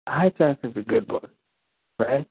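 A man's voice: medium pitch, expressive, measured pace, vocal fry, breathy edge, no room sound. Rambling man on a tinny call. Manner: rambling, stammering restarts. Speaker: prank call host. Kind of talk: casual chat on a voice call. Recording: tinny phone-like call audio, dry.

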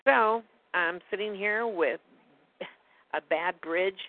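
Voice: mid-range voice, slow. A guest telling a personal story in a rambling, indignant way during a casual phone conversation. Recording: tinny phone line, dry.

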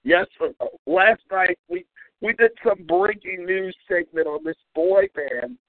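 A man's voice: sits high, a little slow, no echo. Man, radio host, angry cursing rant, mocking tone, dry close sound, tinny audio. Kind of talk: ranting call-in radio monologue.

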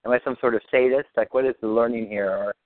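This is a fast-talking man with a steady, mid-range voice hosting a practitioner call. His coaching is casual, rambling, and soothing, full of repetition, and it comes through a dry, echo-free phone line.

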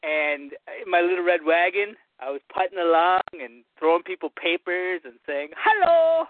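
Rowdy male phone-in guest, high and swooping, thin tinny line. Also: steady tone, moderate pace, no room sound. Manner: boisterous, rambling, jokey. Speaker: call-in regular guest. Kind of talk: rowdy casual chat.

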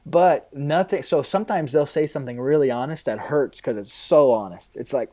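A man's voice: mid-range voice, expressive, normal speed, hardly any pauses, mellow. A man in his thirties, a pastor, talking candidly in a casual interview, rambling a little with fillers.

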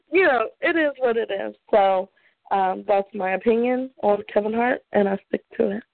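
A woman co-hosts a talk show as a podcast co-host, bluntly ranting her opinions, swearing freely and laughing often. Her voice is a little high and gravelly, with big pitch swings, a measured pace and long pauses. The recording is dry and sounds tinny, like a phone line.

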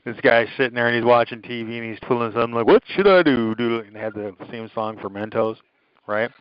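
A man's voice: mid-range voice, completely flat delivery, fast talker, clean tone, no echo, highs cut off. A man in casual, crude podcast chat, telling rambling anecdotes full of profanity and quoted lines.

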